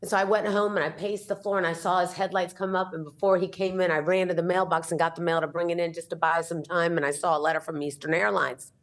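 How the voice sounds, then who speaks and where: Lively storytelling woman, lowish voice. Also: fast talker, hardly any pauses. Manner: animated, acts out the dialogue in her stories. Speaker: entrepreneur and author, guest. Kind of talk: storytelling in an interview.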